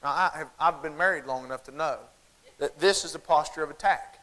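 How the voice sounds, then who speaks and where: A man with a Southern American accent giving a humorous keynote talk to a large conference crowd, folksy and animated, addressing the audience directly. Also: on the high side, fairly quick, very noisy.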